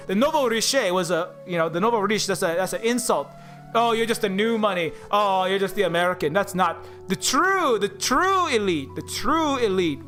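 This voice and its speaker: High bright-voiced guy ranting on a livestream, sarcastic, keeps tripping over his words, faint music behind. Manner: sarcastic, mocking, with many stammered restarts. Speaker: indie game developer streaming live. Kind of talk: rambling livestream rant.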